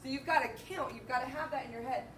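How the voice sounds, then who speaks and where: A high-pitched woman leads a band lesson, counting and singing rhythms aloud. She sounds distant from the mic in an echoey room. Faint background noise sits under her voice. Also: fast. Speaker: band teacher. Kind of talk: music lesson walkthrough.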